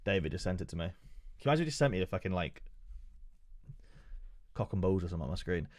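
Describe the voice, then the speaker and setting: A man on a live stream, reading an update aloud with excitable, profane asides. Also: low voice, racing, no room sound, clean studio sound. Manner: excitable and profane, joking asides between read passages.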